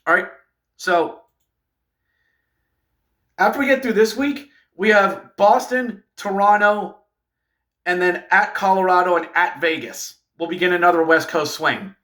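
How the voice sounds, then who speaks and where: A man ranting through a fan recap of a hockey game, exasperated and sarcastic, breaking into shouts. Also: high voice, a little slow, pauses often.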